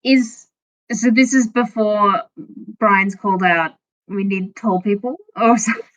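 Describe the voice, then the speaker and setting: A woman playing a tabletop game, talking in a halting, stammering way. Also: mid-range voice, a bit bright. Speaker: player. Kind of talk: casual tabletop play. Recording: dull lo-fi mic.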